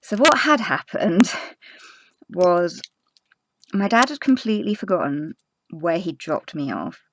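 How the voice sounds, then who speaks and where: A young woman, a crafting vlogger telling a personal story in casual chat, earnest and halting with many fillers and restarts. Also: lowish voice, very animated.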